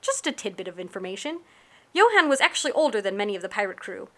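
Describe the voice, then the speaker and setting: A woman reading a first-person adventure story aloud with lively, wry storytelling. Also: mid-range voice, fast talker. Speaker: audiobook narrator.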